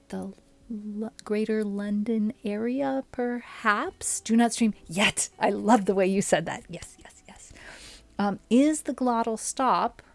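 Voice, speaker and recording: A young woman streaming a game, talking at an unhurried, drawn-out pace. She chats casually, musing aloud and answering her chat between moves. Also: medium pitch. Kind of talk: casual live-stream chat while playing.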